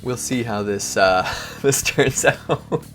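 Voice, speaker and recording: A man's voice: medium pitch, slow pace, over music. A male video host, joking and poking fun at himself in a casual chat, recorded at home in his bedroom on a lavalier mic. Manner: joking, self-mocking, rambling. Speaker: host of a countdown video channel. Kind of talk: casual outro and blooper chatter. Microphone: lavalier microphone.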